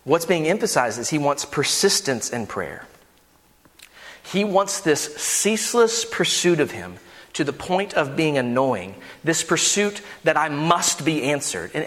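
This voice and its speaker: A man's voice: fairly high pitch, sing-song, moderate pace, a bit bright. A man preaching a sermon as pastor, earnest and building to emphatic delivery with playful asides, in a church sanctuary. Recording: long hall reverb.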